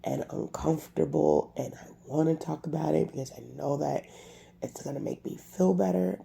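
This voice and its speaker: A woman talking to camera in a personal confessional vlog, halting with lots of fillers and restarts, upset and irritated, a bit congested. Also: low-pitched, vocal fry, warm tone. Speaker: vlogger.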